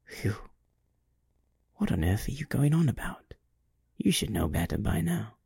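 Storybook figure: a creepy thin-voiced companion, pitying and mocking, read by a man in a dark, husky tone. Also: mid-range voice, very animated, measured pace, no echo, studio quality, voice pushed up, heavily acted.

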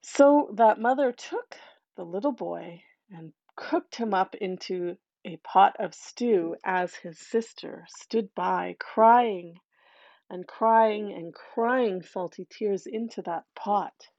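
A woman telling a dark fairy tale aloud, animated, dropping in chatty asides to her listeners. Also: mid-range voice, slow, gravelly, no room sound, lo-fi sound. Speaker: storyteller.

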